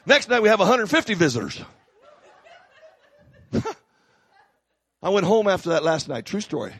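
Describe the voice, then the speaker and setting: A middle-aged man, a pastor, preaching a sermon with animated, humorous storytelling. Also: high voice, normal speed, husky.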